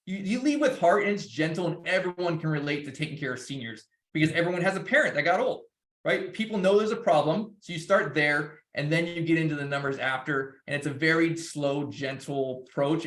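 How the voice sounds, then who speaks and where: A man's voice: fairly high pitch, a bit bright, roomy sound. A man speaking in a loose, rambling way, with many restarts, as a guest speaker. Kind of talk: casual presentation.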